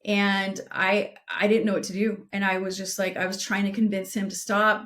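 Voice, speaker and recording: With a medium-pitched, level, slightly bright voice, this middle-aged woman co-hosts a podcast. She shares direct advice and a painful story from her own life in an earnest way, easing her pace for emphasis.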